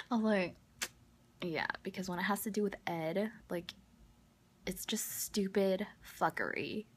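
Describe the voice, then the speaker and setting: A woman's voice: mid-range voice, a bit bright, breathy edge. A young woman telling a story in a casual vlog, gossipy and exasperated, filling her talk with "like". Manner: gossipy, exasperated, heavy use of "like". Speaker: vlogger.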